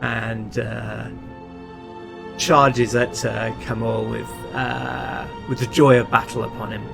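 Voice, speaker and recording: A man playing a tabletop fantasy game, narrating his character's actions in a hesitant, halting way. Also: mid-range voice, level tone, creaky, music in the background. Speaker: player. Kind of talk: tabletop role-play narration.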